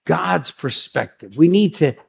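A man preaching to his congregation in a loose, conversational way, drifting into asides and restarting his sentences. His voice sits fairly high for a man and is husky with a rough edge of fry. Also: animated, unhurried. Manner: chatty and rambling, with frequent restarts and asides. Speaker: pastor. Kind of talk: conversational sermon.

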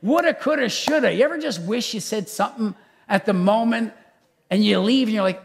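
A man who is a pastor, preaching a conversational sermon in an animated, chatty way with many asides. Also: high-pitched, fairly quick, creaky.

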